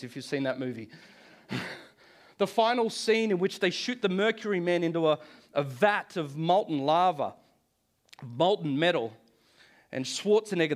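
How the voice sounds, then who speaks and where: A man preaching a Good Friday sermon to a church congregation, telling stories with a joking touch and chuckling often. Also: on the high side. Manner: storytelling, jokey, chuckles often. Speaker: pastor.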